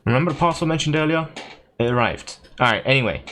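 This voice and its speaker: A man livestreaming, casually recapping a video game plot in a hurried, rambling way. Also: medium pitch, animated, fairly bright tone, slight background noise.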